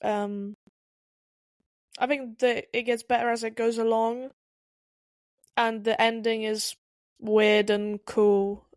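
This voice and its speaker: A woman's voice: fairly high pitch, darkish tone, no echo, studio quality. A woman co-hosting a podcast, giving blunt, opinionated film reviews in casual chat with hesitant restarts. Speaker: podcast co-host.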